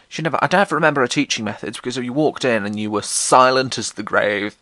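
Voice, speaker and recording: A man's voice: fast, sharp tone, no echo. A man telling funny stories about his own life in an irreverent, self-mocking way, swearing freely and acting out what people said. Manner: acts out quotes in jumpy pitch. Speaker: podcast host. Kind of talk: comedic personal storytelling.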